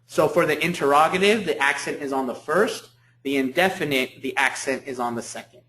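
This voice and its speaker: A man lectures as a professor in a room with a lot of echo. His voice sits a little high, and he repeats each key point, then checks with "okay?". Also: a little fast, a bit bright. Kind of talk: university lecture. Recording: echoey room.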